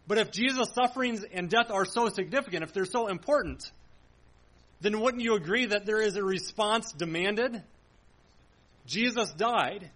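Male pastor, high-pitched, earnest sermon delivery with searching rhetorical questions, church setting. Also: normal speed, a bit bright, poor audio. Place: church sanctuary.

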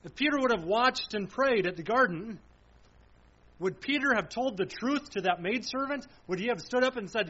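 Solemn high-voiced male preacher, lo-fi. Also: animated, moderate pace, sharp tone, slightly rough. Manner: solemn, emphatic, repeating phrases and asking rhetorical questions. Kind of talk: sermon.

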